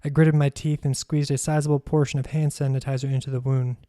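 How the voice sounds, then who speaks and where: A man reads his own memoir aloud in a measured, even storytelling manner. His tone is mellow and warm, with little rise and fall in pitch. The recording is close and dry. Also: no echo. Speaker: podcast host and author.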